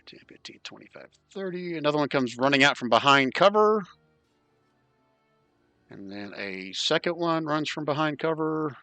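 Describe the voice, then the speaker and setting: A man running an online tabletop game as dungeon master, counting moves aloud and tossing in quick asides. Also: a little high, lively intonation, bright, forceful tone, no room sound, faint music behind.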